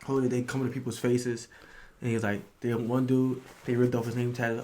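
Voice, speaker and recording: A young man in his twenties from New York, a podcast guest telling stories in a relaxed slang-heavy way, now and then acting out someone yelling. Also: medium pitch, normal speed. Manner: laid-back slang-heavy storytelling, acts out drill sergeants yelling. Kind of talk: casual chat.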